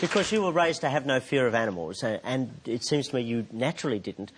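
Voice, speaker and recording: A man's voice: mid-range voice, lively intonation, quick pace, over a noisy crowd, very noisy. A man interviewing a guest and asking wry, teasing questions. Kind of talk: casual interview.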